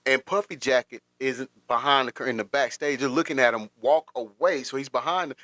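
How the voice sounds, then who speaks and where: A man's voice: mid-range voice, brisk, pushed and bright, no echo, studio quality. A man hosting a casual livestream, rambling through commentary with repeated words and frequent laughter. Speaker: livestream host.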